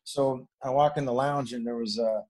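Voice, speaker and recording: Middle-aged ex-player, relaxed rambling storyteller, mid-range voice. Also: male voice, mid-range voice, normal speed, poor audio. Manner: rambling, animated when quoting others. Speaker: former hockey player guest. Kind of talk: casual storytelling.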